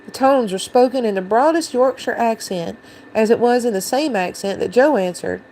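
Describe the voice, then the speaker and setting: A woman's voice: a little high, animated, moderate pace, a little mellow, slight background noise, low-quality recording. Woman reading a storybook aloud. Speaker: channel host reading aloud.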